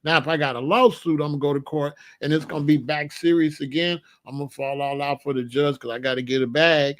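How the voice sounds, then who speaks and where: Animated, laughing man with a higher voice. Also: quick pace. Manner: animated, laughing, profane storyteller. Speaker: podcast host. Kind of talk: comedic monologue.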